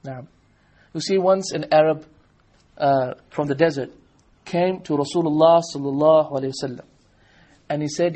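A man giving an Islamic sermon, animated, acting out little dialogues in his story. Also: fairly high pitch, normal speed, long pauses. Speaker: Islamic preacher.

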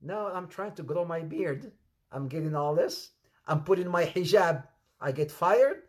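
Preacher, male, higher voice, sermon that swings from loud and quick to low and quiet. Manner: repeats questions to the audience, animated rises and drops.

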